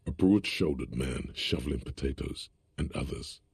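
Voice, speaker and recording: A man voicing the wry, sardonic inner voice of a detective's mind in a video game, with a very deep gravelly voice. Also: lively intonation, normal speed, darkish tone, dry recording, heavily acted. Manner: dry, sardonic narration.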